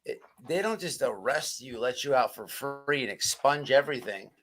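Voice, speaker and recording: A man's voice: mid-range voice, lively intonation, moderate pace, a bit bright. A man hosting a live stream commentary, talking bluntly with profanity and stumbling restarts. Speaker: livestream host.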